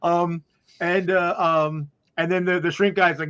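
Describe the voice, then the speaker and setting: A man's voice: fairly high pitch, fairly even intonation, moderate pace, a bit bright. A man in casual group chat, telling a long story with many restarts and fillers. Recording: dull lo-fi sound.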